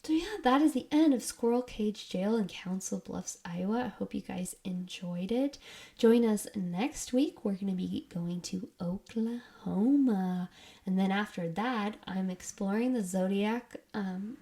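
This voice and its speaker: A woman hosting a podcast, retelling ghost-hunting stories in a casual, excitable way with frequent laughs. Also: medium pitch, unhurried. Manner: excitable, giggly, says "creepy" a lot. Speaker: podcast host.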